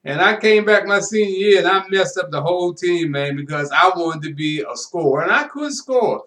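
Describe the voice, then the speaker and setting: A man hosts a sports interview show in a relaxed, folksy manner, his voice sitting a little high. He talks casually and often adds "man" to the ends of his sentences. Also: normal speed. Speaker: sports talk show host.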